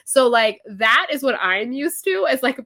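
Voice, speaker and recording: A young adult woman co-hosting a book podcast, chatting in an animated, exclamatory way with frequent laughs. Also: high-pitched, measured pace. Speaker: podcast co-host. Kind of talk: casual book-club chat.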